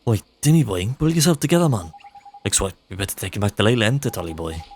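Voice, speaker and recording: A man's voice: fairly low pitch, sing-song, fast talker, a little hiss or hum. A man voicing a brash, cheeky male fairy sidekick in a game, scolding and blustery. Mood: bossy.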